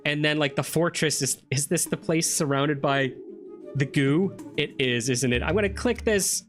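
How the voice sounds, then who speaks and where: A man's voice: a little high, moderate pace, soft background music. A man giving chatty let's play commentary, thinking aloud and questioning himself as he plays an old computer game. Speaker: gameplay streamer.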